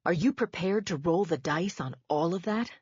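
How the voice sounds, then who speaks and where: A woman's voice: lowish voice, normal speed, darkish tone, slightly rough, dry recording, dull audio. A woman voicing an exasperated middle-aged husband who pleads, then accuses, in an audiobook. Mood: accusing.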